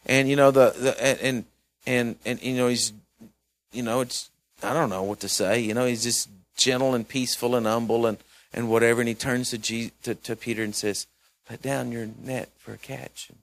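A man preaching a sermon in a conversational, folksy way, with asides and repeated words, swinging between loud emphasis and quiet mumbling. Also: medium pitch. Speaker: pastor.

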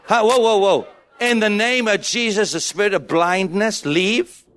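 A man preaching a sermon, urging the congregation to shout back, with a playful manner and little acted-out scenes. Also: high voice, measured pace, clean tone, a faint crowd. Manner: exhorting, calls on the congregation to shout.

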